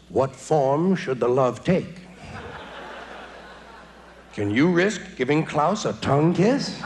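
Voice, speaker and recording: A man in his forties performing stand-up comedy in a large theater, with a wry, sardonic delivery and quick mock voices. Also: high voice. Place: large theater stage before a live audience. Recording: live theater recording with audience noise.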